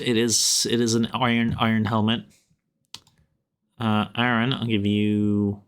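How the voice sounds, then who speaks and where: A young Irish man with an Irish accent, chatting casually with viewers while running a tabletop game as game master, laid-back and often chuckling. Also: medium pitch. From Ireland.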